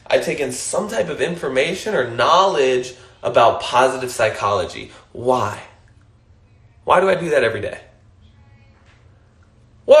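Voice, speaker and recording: A man's voice: fairly high pitch, fairly bright tone, roomy sound. A man hosting an Instagram Live, giving a casual motivational monologue, emphatic and swearing casually, often laughing and repeating his points.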